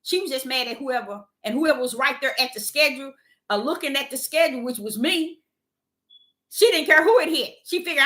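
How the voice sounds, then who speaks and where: A middle-aged woman, telling a workplace story in a casual, animated vlog with loud acted-out quotes. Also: high voice, a little fast. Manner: animated, exclaiming, acts out quotes loudly.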